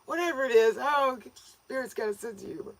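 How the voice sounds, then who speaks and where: A woman's voice: sits high, animated, a little fast, slight background noise. Folksy joking woman livestream host. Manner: folksy, joking, laughs often; scolds viewers playfully. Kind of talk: casual livestream chat with viewers.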